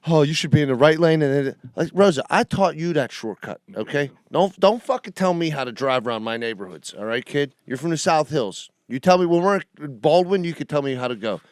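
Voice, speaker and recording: A man's voice: a little high, lively intonation, a little fast, few pauses, no echo, clean studio sound. Profane ranting man. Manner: profane ranting storyteller, laughs often. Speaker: podcast co-host. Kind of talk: casual chat.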